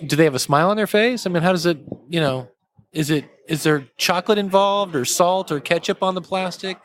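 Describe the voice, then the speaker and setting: A man guesting on a podcast, answering with deadpan humor in casual chat. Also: sits high, a little fast.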